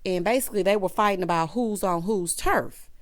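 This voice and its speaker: A woman recapping a TV episode in a casual chat, animated and sassy, talking straight to her viewers with chatty asides. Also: mid-range voice, a little fast. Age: adult with a child. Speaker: TV recap reviewer.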